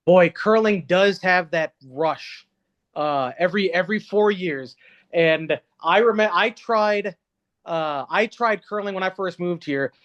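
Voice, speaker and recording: A man with a notably high voice speaks as a guest in a casual interview, circling his points with lots of "um" and "like". His twang comes through a dull, muffled recording. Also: a little slow, fairly bright tone. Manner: rambling, with many fillers and restarts. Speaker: guest reporter. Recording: dull, lo-fi sound.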